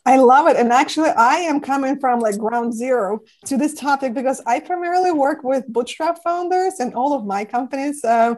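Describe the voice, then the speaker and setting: A woman hosting a business podcast interview, chatty and animated, acting out the people she coaches. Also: high-pitched, normal speed, hardly any pauses. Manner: chatty, animated, acts out founders in quotes. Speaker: podcast host. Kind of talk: casual interview.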